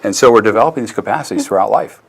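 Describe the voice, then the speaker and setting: A man's voice: lowish voice, very fast, gravelly, breathy edge. A man speaking as a guest expert in an interview, explaining ideas in a conversational way and acting out classroom exchanges as examples. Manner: animated storyteller, acts out classroom dialogue. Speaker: guest expert on self-regulation.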